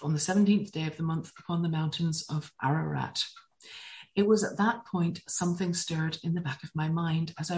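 A woman giving a teaching talk on Hebrew words, enthusiastic and telling stories in a lively way. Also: deep voice, poor audio. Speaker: Bible teacher.

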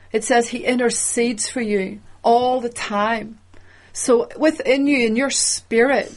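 A woman delivers a sermon slowly, taking her time over each phrase. Her voice sits a little high, and her emphatic, measured preaching stops to unpack the meaning of words.

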